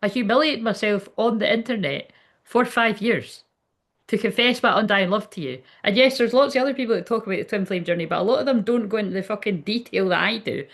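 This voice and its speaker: A woman's voice: mid-range voice, brisk. A Scottish woman giving a casual live tarot reading, blunt, sweary and chatty, with lots of fillers. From Scotland. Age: adult, ten years online. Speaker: spiritual reader on a livestream.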